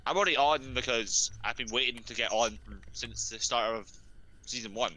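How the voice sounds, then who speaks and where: A man with a Scottish accent and a very bright, sharp voice rambles through casual gaming chat. He jumps from thought to thought, and a faint background noise sits under his voice. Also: medium pitch, normal speed, low-quality recording. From Britain. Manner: chatty, rambling, easily distracted. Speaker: server player, co-streamer.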